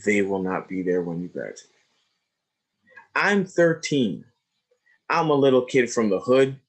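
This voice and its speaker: A man's voice: mid-range voice, slightly rough. A middle-aged man giving a webinar lecture to educators, telling classroom anecdotes in a conversational way and acting out the people he quotes. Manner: animated storytelling, acts out quoted students, drops to a hush for asides.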